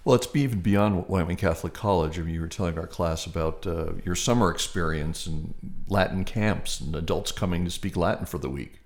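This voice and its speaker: Deep-voiced older male podcast host. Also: brisk, hardly any pauses. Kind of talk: scripted narration and interview.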